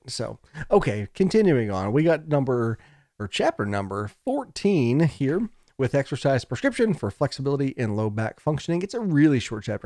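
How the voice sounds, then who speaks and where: A man's voice: mid-range voice, very animated, moderate pace, darkish tone, dry recording, studio quality. A man giving a casual, digressive recorded lecture, joking along the way, his throat a little scratchy. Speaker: college lecturer.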